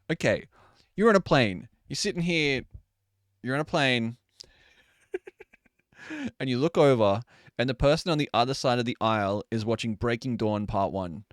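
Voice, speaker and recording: A man's voice: mid-range voice, dry recording, clean studio sound. A man in his late twenties or thirties, a streamer chatting casually with his live chat and laughing often. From Australia.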